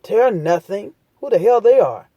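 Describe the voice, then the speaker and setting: This advice vlogger's medium-pitched voice swings widely in pitch at a moderate pace, recorded muffled with no echo. She addresses viewers directly in a casual, fervent monologue, using blunt street-talk, preaching, and driving her points in through repetition.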